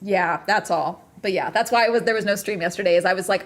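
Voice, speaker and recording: A woman's voice: medium pitch, fairly quick. A woman streamer in casual livestream chat, still agitated and ranting with lots of swearing and bursts of laughter.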